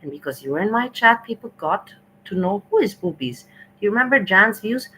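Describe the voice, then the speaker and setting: A woman hosting her own livestream, venting in an indignant, scolding rant that keeps circling back to the same points. Her voice has a bright, forceful edge, with a faint hiss in the background. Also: mid-range voice, expressive, fairly quick, rough recording. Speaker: livestream host. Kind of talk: ranting livestream commentary.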